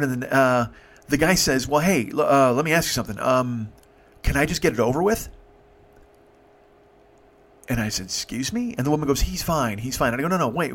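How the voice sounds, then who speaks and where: A man's voice: medium pitch, a bit bright. A man telling a rideshare story in casual, profane monologue, acting out both sides of the dialogue. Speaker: rideshare driver telling stories.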